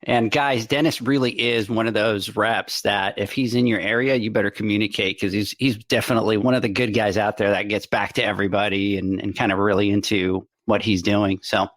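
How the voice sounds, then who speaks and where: A man's voice: on the low side, fairly even intonation, a little fast, hardly any pauses, a bit bright, no echo, studio quality. A man hosting a trade podcast, introducing his guest and steering the talk with upbeat enthusiasm. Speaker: podcast host. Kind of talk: casual podcast interview.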